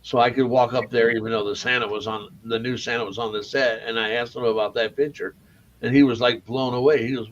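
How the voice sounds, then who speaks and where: A man's voice: medium pitch, steady tone, fairly quick, dull audio. A man from the Missouri Ozarks who works as a Santa performer, telling rambling anecdotes in casual chat. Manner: rambling anecdotes with stammered restarts.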